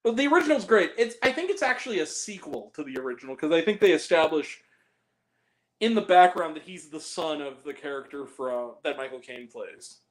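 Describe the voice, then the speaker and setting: Male host, high register, animated and profane in loose film talk. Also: a little fast. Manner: animated, rambling, swears freely. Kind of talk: casual movie chat.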